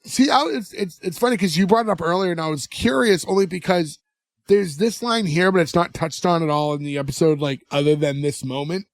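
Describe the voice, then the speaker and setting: A man's voice: fairly high pitch, brisk, no room sound. A man co-hosting a podcast, casually retelling a TV episode scene by scene and acting out bits of dialogue. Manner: animated storyteller acting out dialogue. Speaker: podcast co-host recapping an episode.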